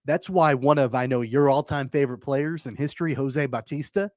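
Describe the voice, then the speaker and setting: A man's voice: medium pitch, steady tone, a little fast, darkish tone, no room sound, clean studio sound. A man co-hosting sports talk radio, speaking hesitantly with frequent restarts and trying to meet his partner halfway.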